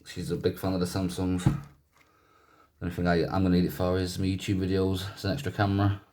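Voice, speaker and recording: A man's voice: deep voice, flat delivery, fast talker, darkish tone, a little hiss or hum. A man casually talking through a gadget teardown in a chatty, rambling way, often correcting himself. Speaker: YouTuber doing a gadget teardown.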